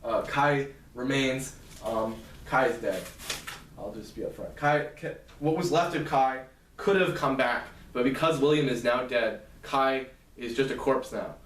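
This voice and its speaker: A man casually retelling a novel's plot as a lecture, halting and restarting often. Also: medium pitch, slight background noise. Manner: halting, many fillers and restarts. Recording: roomy, distant mic.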